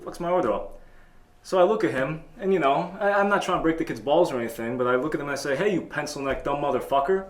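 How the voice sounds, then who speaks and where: A man hosting a comedy talk show, telling a boastful tall tale in a deadpan way. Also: a little high, fast talker. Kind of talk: comedic storytelling. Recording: echoey room.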